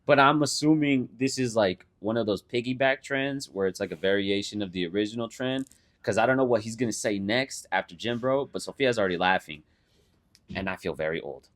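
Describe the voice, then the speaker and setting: A young man co-hosting a podcast, telling stories in a casual, animated way with swearing and mock voices. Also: fairly low pitch, fairly quick. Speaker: podcast co-host. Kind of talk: casual chat.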